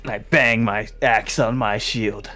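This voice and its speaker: A man's voice: lowish voice, fairly even intonation, slow, pushed and bright, faint music behind. A man playing in a tabletop game, describing his character's actions in a playful, jokey way. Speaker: player. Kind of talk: casual tabletop play.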